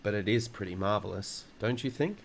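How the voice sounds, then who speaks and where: A man's voice: on the low side, brisk, creaky, slight background noise. A man reading as a proud little boy. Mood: matter-of-fact. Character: small boy of six, proud and cautious.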